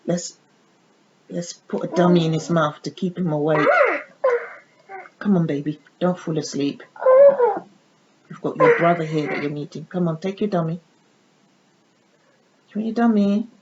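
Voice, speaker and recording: A woman vlogging a doll unboxing in a casual, chatty way, slipping into sing-song baby talk with her dolls. The audio is dull and lo-fi. A steady noise sits clearly behind her voice. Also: fairly low pitch, moderate pace, long pauses.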